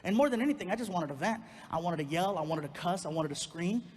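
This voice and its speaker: A man doing stand-up, telling a personal story and acting out the people in it with lively energy. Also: high voice, fast talker, long reverb tail. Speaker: stand-up comedian. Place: comedy stage before a live audience.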